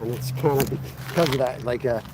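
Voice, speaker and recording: Background noise fills this clip of a chatty, self-mocking fishing streamer in his fifties, talking casually beside the water. His pitch is medium and his delivery fairly quick, captured on a camera set on a tripod.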